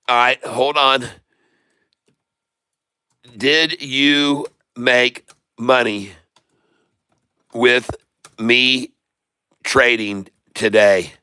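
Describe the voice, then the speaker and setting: Guy hyped up calling trades live, super bright tense voice, slow and drawn out, dry close sound. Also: mid-range voice, smooth, no room sound. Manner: exclamatory, rattles off prices, addresses viewers as folks. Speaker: day-trading livestream host. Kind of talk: excited live trading commentary.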